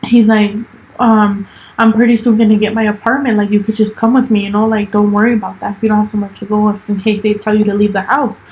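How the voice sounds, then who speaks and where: A woman's voice: mid-range voice, little pitch movement, fast, a little mellow, rough recording. Bilingual young woman telling a story. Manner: switches between English and Spanish, lots of "like" and "dude". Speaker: podcast co-host. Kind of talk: casual storytelling chat.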